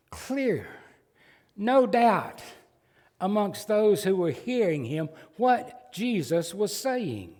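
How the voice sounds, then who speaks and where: Slow, animated Southern pastor in a reverberant church. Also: male voice, high-pitched. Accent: Southern American. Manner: folksy, emphatic preaching with asides. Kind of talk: sermon. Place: church sanctuary. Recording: long church hall reverb.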